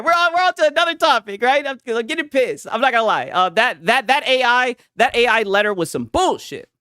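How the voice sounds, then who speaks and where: Young male streamer, casual profane rant, animated delivery, dry mic. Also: very high-pitched, a little fast, clean tone, no room sound, soft background music. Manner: profane, heated, keeps tagging "right?".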